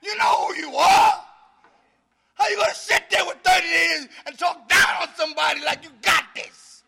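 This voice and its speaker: This middle-aged man speaks to a recovery meeting with the force of a sermon. His voice sits unusually high and bright, with a gravelly edge. He shouts out to the room and laughs between points. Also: normal speed, a faint crowd. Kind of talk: fiery preaching-style recovery talk.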